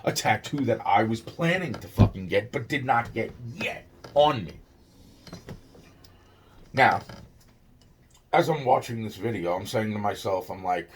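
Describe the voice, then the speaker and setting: Husky man telling a story, stammering. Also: mid-range voice, unhurried, long pauses. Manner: stammering, profane, animated. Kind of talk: casual storytelling.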